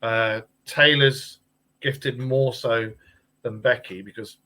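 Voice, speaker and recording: Man, middle-aged, from England, casual guest chat, bright tone, mid pitch, playful storyteller. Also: fairly even intonation, takes it slowly, poor audio. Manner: jokey storyteller, puts on voices in anecdotes. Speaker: guest, paranormal investigator and podcaster.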